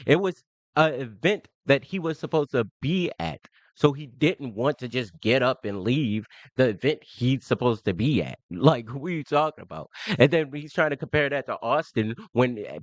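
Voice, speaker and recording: A man's voice: mid-range voice, dry recording. A man talks over a clip he is watching, swearing freely and sounding exasperated. The sound is dry and a little muffled, like a stream capture. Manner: crude, exasperated, laughing at the clip. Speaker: streamer reacting to a debate clip. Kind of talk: casual reaction commentary.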